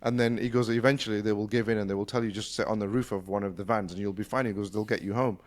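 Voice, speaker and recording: Fast-talking British man telling a story. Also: fairly low pitch, steady tone. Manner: fast-talking, full of restarts. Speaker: podcast host. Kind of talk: casual conversation, storytelling.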